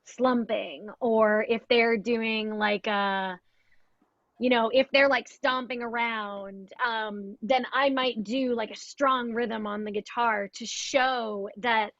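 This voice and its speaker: A woman's voice: on the high side, steady tone, takes it slowly, a bit bright, dry recording. A young adult woman, a guest music therapist, explaining her methods in a casual interview, full of "like" and "um". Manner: explanatory, fillers like "like" and "um". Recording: dry, dull lo-fi sound.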